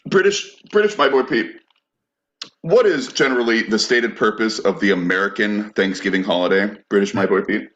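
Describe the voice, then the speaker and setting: Low-voiced wry male podcast host. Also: normal speed, a bit bright, lo-fi sound. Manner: wry, game-show emcee patter. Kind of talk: casual comedic chat.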